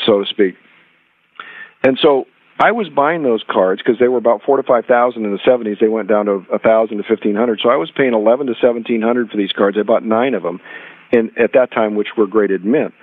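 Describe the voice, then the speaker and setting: A man's voice: lowish voice, dry recording. A man telling rambling anecdotes as a guest in a podcast interview, acting out quoted dialogue as he goes. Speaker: rare coin dealer and guest. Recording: tinny phone-line sound.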